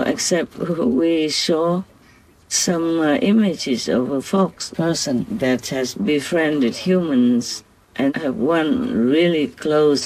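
A spiritual teacher giving a slow, gentle, devotional talk, with soft laughter between remarks. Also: medium pitch, rough recording.

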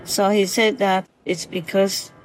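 A woman speaking tenderly and gently, repeating blessings and reassurances as she talks to an animal at night and later recounts it. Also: medium pitch, little pitch movement, unhurried, soft background music, rough recording. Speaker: spiritual vlogger.

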